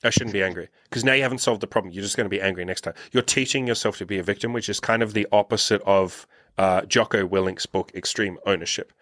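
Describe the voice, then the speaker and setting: A man's voice: fairly low pitch, fast, a bit bright, no echo, clean studio sound. A man hosting a podcast in casual conversation, talking bluntly with plenty of swearing and acting out the voices of people he quotes. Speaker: podcast host and dating coach.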